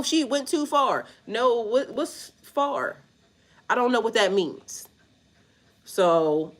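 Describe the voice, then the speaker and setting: A woman spiritual reader chats casually on a livestream, blunt and profane, laughing often and speaking straight to her viewers. Slangy and repetitive, she talks to chat in a mid-range, fairly bright voice.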